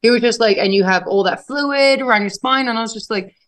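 Animated woman guest, swearing freely. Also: a little high, quick pace, poor audio. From England. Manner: animated, swears often, acts out quotes. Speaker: interview guest, professional wrestler. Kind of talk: casual storytelling chat.

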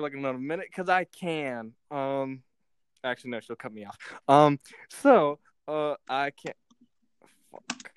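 A man's voice: on the high side, slow pace, long pauses, clear, resonant tone, no echo. A young man hosting a podcast in a rambling, giggly casual chat, swearing freely. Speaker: podcast host.

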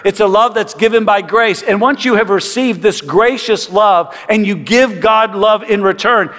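A man's voice: high-pitched, big-room sound. A man pastor preaching a sermon, speaking earnestly and directly to his congregation.

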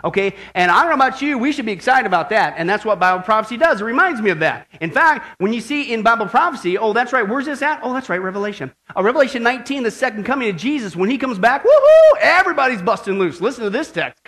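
A male pastor preaching with fervent energy, his voice strikingly high for a man. The tone is bright and forceful, and he swings from hushed confiding asides to shouted hallelujahs. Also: animated, fast, few pauses. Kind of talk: sermon.

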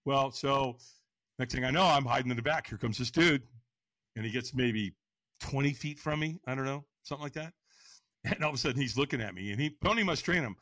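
A man's voice: mid-range voice, brisk, sharp tone, no room sound. A middle-aged man telling a personal story as a podcast guest, acting out other people's lines in a raised voice and laughing often. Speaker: podcast guest, firewalk instructor. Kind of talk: animated storytelling.

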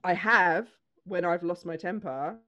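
A woman's voice: fairly low pitch, unhurried, fairly bright tone, muffled recording. A woman comedian in her thirties, chatting casually and bluntly, swearing freely and laughing often. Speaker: comedian and podcast host. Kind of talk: casual chat.

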